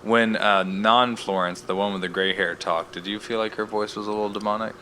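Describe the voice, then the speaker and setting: Podcast co-host, man, low bright voice, joking recap chat. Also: fairly even intonation, brisk, slight background noise. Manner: laughs easily, loose and swearing.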